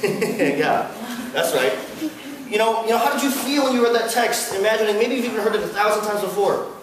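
A man giving a sermon at a campus fellowship, animated and playful with the audience laughing along. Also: high voice. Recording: echoey hall from far off, faint hiss.

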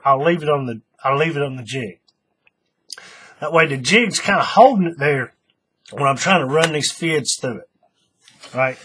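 Husky man thinking aloud while crafting. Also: on the high side, pushed and bright. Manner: rambling, thinks aloud with many restarts. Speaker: craft tutorial host. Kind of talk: casual how-to demonstration.

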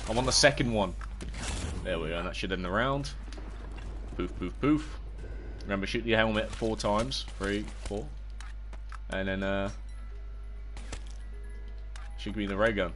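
A young British man livestreams a zombie game, speaking at a measured pace in a medium-pitched voice with frequent pauses over soft background music. In casual gaming commentary, he chats with viewers, and he's excitable, yelping, shouting, and cursing at the game.

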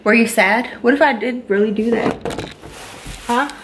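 A woman's voice: fairly high pitch, measured pace, a little hiss or hum. A young woman, teasing her boyfriend in a casual prank vlog and asking the same questions again and again. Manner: teasing, playful, repeats questions. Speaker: vlogger.

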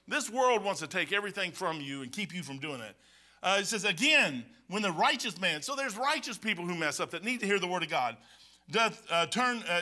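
Folksy preacher guy, high and really bright, keeps saying man. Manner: folksy, animated, often says "man". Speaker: pastor. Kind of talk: sermon.

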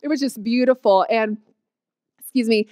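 Woman, 30s, lively testimony storyteller, higher voice, dry close sound. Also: normal speed, smooth, dry recording. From Oklahoma, USA. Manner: animated storytelling, quotes herself with squeals and laughs. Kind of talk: personal testimony.

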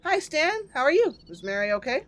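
A woman voicing a calm male priest who speaks in a measured, formal way in a video game. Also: sits high.

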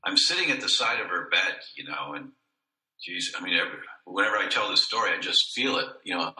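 Earnest storytelling man, bright echoey voice. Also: very animated, moderate pace. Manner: earnest, acts out the dialogue, rises and falls in pitch. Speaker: podcast guest. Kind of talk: emotional storytelling in an interview. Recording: echoey room.

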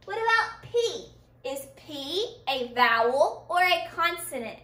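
Slow, lively woman teaching phonics. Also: high-pitched, reverberant, distant mic. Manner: slow, encouraging, asks questions and answers them for the class. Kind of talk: phonics lesson for children.

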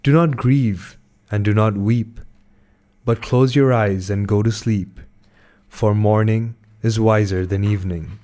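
A man reading the lines of a small, wise, helpful magic doll in a storybook tale, slow and measured. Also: fairly low pitch, steady tone, warm tone, lightly acted. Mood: calling out.

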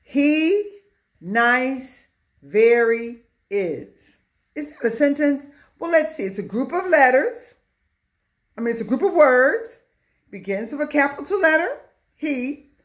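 A woman's voice: high-pitched, lively intonation, normal speed, pauses often. A middle-aged woman teaching young children a lesson in a patient, sing-song way.

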